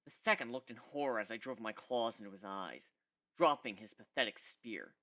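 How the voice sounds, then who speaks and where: A man giving an expressive first-person dramatic reading of a fan fiction story. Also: lowish voice, moderate pace. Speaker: reader.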